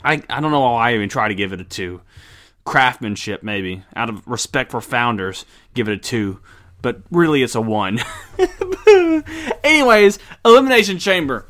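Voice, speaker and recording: Male podcast host, casual and blunt, bright forceful voice, swears freely, excitable. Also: mid-range voice, a little fast. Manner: blunt, excitable, swears and laughs often, many restarts. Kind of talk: casual podcast beer review and wrestling recap.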